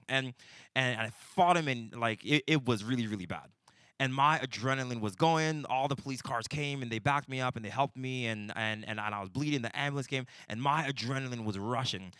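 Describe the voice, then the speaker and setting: A man's voice: mid-range voice, bright, forceful tone, no echo, clean studio sound. A man giving a conversational church leadership talk, telling stories with frequent restarts and bursts of intensity. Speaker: pastor teaching a breakout session. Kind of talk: conversational sermon teaching.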